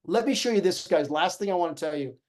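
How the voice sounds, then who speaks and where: Upbeat high-voiced man coaching fitness. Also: fast talker. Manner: energetic, encouraging, talks directly to the group. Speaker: fitness instructor. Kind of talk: live online fitness class.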